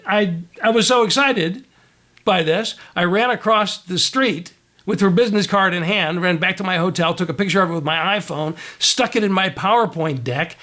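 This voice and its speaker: A man telling a story in a leadership talk, animated and conversational, often checking in with the audience. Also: sits high. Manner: animated storyteller, frequent "right?" asides. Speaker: leadership speaker.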